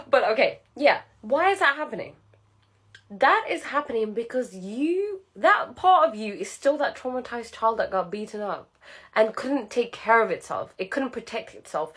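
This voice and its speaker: A woman giving a casual, earnest self-help talk who acts out inner voices in an animated way. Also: fairly high pitch.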